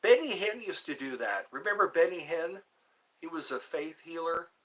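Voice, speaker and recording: Here a male livestream host talks from his home, casually going through viewer comments and answering questions at rambling length. The voice is on the high side and animated, moving at normal speed with a slightly bright tone.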